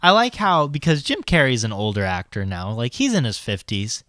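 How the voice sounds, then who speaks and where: A man's voice: mid-range voice, very animated, moderate pace, a bit bright. A man co-hosting a podcast, chatting casually and jokily about a movie trailer and laughing often. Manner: loose and jokey, laughs often, lots of "like". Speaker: podcast co-host.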